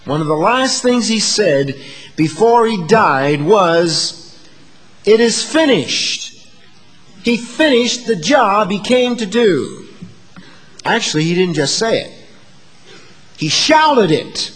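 A man preaching a sermon in a high, lively voice that jumps across a wide range. He drops to a hush and then climbs to emphatic declarations. His words ring out with a long echo in a big sanctuary. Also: slow pace, husky. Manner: dynamic preaching, swings from hushed to emphatic. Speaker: pastor.

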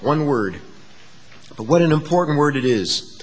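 A man preaching a sermon to his congregation, moving between hushed asides and emphatic, rising declarations. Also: a little high, lively intonation, a little slow, in a large hall. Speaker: pastor.

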